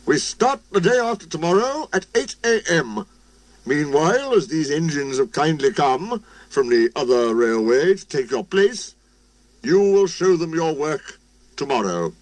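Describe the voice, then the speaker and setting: A man playing a pompous railway boss, stern, storybook, raised voice, lively pitch, music in background. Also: measured pace, no echo. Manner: pompous, bellowing orders. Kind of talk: storybook reading.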